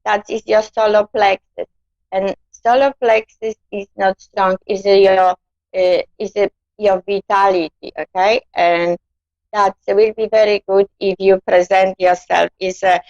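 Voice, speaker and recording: A woman giving a gentle live-stream psychic reading, calling her listener darling. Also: mid-range voice, flat delivery, measured pace, no echo. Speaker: psychic card reader. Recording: dull lo-fi dry sound.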